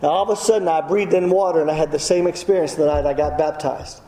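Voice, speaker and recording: A man's voice: a little high, fairly even intonation, fast talker, warm tone. A middle-aged man preaching a testimony sermon, telling his story with self-deprecating humor. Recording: echoey hall.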